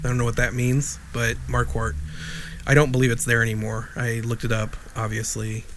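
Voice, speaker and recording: A middle-aged man co-hosts a casual podcast, meandering through an old memory. He corrects himself often and slips in dry asides, in an ordinary mid-pitched voice. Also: little pitch movement, moderate pace, a bit bright, a little hiss or hum. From Wheeling, Illinois, USA. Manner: rambling, self-correcting storyteller with dry asides. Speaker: podcast co-host. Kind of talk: casual chat.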